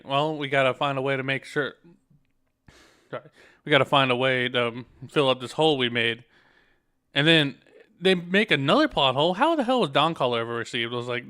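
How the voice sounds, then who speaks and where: A man's voice: mid-range voice, sharp tone, clear, resonant tone. A man streaming a game, rambling critically about its story, tripping over his words, restarting sentences and talking while eating. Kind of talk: casual gameplay rant.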